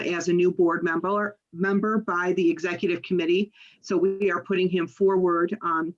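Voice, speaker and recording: A woman chairing an online board meeting, talking slowly with many pauses and fillers. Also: lowish voice, muffled recording. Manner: slow, halting, many fillers.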